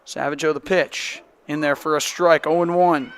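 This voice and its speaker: A young man from the calling a high school softball game as the play-by-play announcer, brisk and rising sharply on big plays. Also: fairly even intonation.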